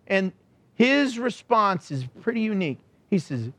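A man preaching a sermon in a church, animated and joking, acting out the people he describes. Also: high-pitched, moderate pace, dry recording, muffled recording. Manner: animated, acts out quotes, joking. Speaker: pastor.

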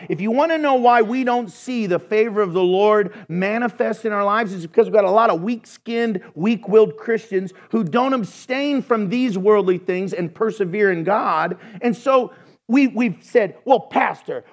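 High-voiced man preaching a sermon. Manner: animated preaching with folksy jokes. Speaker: pastor.

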